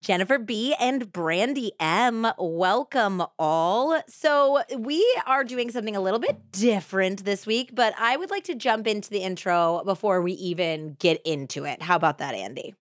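A woman's voice: medium pitch, lively intonation, moderate pace, hardly any pauses, no echo. Chatty woman podcast host, dry close sound. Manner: chatty, laughs often. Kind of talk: true crime podcast narration and banter.

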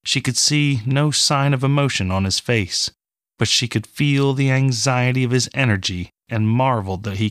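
A man narrating a fantasy audiobook in a measured, even storytelling manner. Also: mid-range voice, dry recording, clean studio sound.

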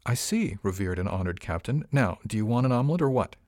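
A man's voice: on the low side, expressive, a little mellow, no echo, studio quality, lightly acted. A man voicing a playful, teasing young woman who cooks for the ship's crew, in an audiobook. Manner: sly and teasing, drawn-out purring lines. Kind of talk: audiobook character reading.

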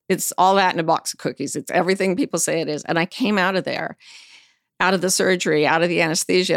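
A woman's voice: on the low side, vocal fry, no echo, studio quality. A middle-aged woman, an interview guest, telling personal stories candidly and frankly, now and then swearing. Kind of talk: personal storytelling in conversation.

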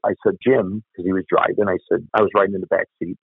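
A man's voice: low-pitched, little pitch movement, quick pace, gravelly, breathy edge, dry recording. An older man, a former cop telling a story bluntly, with some swearing. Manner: blunt, profane. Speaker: retired police officer. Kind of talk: storytelling interview. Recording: tinny phone-like line.

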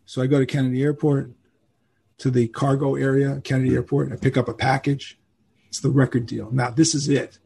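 An older man, telling animated stories as a guest in a podcast interview and acting out the people he quotes. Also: medium pitch, a little fast, gravelly, husky. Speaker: guest musician.

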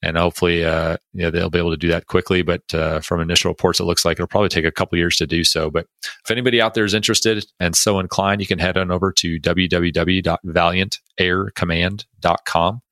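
A chatty American man hosts an interview in a bright, forceful voice on a dry, close recording. He talks casually with plenty of fillers and pokes fun at himself. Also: sits low, level tone, fast, no room sound. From United States. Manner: chatty, self-deprecating, filler-heavy. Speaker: podcast host.

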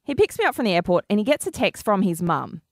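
Lively woman telling a story. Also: medium pitch, quick pace, no room sound, clean studio sound. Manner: lively storytelling, acting out quoted dialogue. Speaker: radio co-host. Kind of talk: breakfast radio chat.

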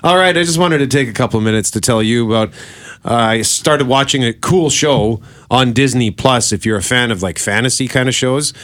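A man's voice: mid-range voice, brisk, a bit bright, dry recording. A man co-hosting a podcast who explains a new fantasy series in a chatty way. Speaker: podcast co-host. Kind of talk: casual chat.

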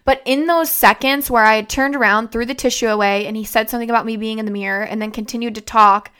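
A young woman host retells the day her father died, in a halting, emotional way full of fillers. Her voice is bright and smooth and sits somewhat high. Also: fairly even intonation. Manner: tearful, halting retelling of a family loss, many fillers. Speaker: podcast host. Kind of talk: emotional personal storytelling.

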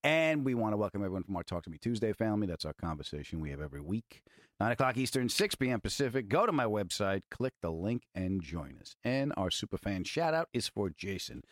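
A man hosting a podcast, chatting casually and defending himself with animated, laughing banter. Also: lowish voice, fast talker, dry recording, studio quality. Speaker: podcast host.

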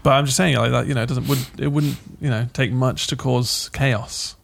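A man's voice: mid-range voice, fairly even intonation, moderate pace, gravelly. A man co-hosting a comedy podcast, rambling and swearing in casual chat. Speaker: podcast co-host.

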